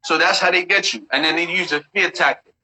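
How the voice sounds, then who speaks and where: A man, talking bluntly and profanely in a casual livestream chat about spiritual practice, telling animated stories. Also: a little high, a little fast, a little hiss or hum, poor audio. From New York.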